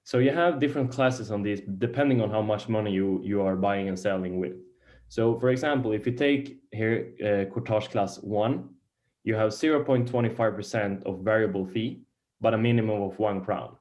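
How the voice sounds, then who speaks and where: A man with a somewhat low voice gives a beginner lecture on investing, speaking English as a Swedish native. He often halts and restarts while he searches for words. The talk comes across as an informal classroom lesson. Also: moderate pace, darkish tone. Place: lecture room.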